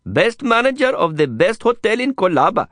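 A man voicing an excitable, eager small street guide, in a storybook reading. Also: high-pitched, normal speed, no echo, clean studio sound, pitched above the performer's own voice. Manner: pleading, eager, chattering.

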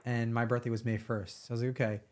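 Man, from New York, fairly fast, storytelling, casual chat. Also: medium pitch. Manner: storytelling, animated retelling. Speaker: guest.

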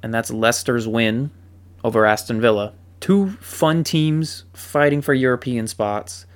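Male football fan vlogger, mid-pitched, casual commentary, joking and sarcastic. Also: unhurried, clean tone. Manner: animated and joking, with dry sarcasm.

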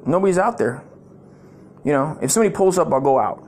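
A man's voice: on the high side, lively intonation, fast, a little mellow, breathy edge. A middle-aged man, telling a rambling, profane comic story. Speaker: comedic storyteller.

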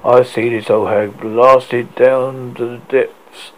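A man voicing a grave, vengeful sea king who speaks slowly and menacingly. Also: medium pitch, level tone, natural voice, rough recording.

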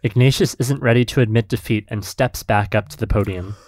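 A man's voice: mid-range voice, fairly quick, a little mellow, no echo. A man chatting and reading stage directions aloud in a plain, matter-of-fact way. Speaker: comedy writer and script reader.

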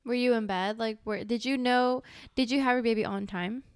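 A woman's voice: fairly high pitch, fairly even intonation, normal speed, clean tone, dry recording, clean studio sound. A young woman hosting a podcast, asking short questions in casual interview chat. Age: young adult. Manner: short prompting questions and backchannel. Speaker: podcast host.

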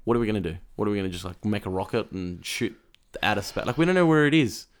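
A man in casual conversation who talks quickly, repeating himself and restarting his sentences. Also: fairly low pitch, lively intonation. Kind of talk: casual chat.

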